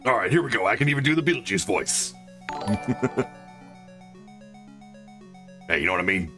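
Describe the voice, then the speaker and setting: A man's voice: fairly low pitch, big pitch swings, moderate pace, bright, forceful tone, soft background music. A man streaming retro games, chatting casually and crudely with his viewers. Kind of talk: casual live-stream chat.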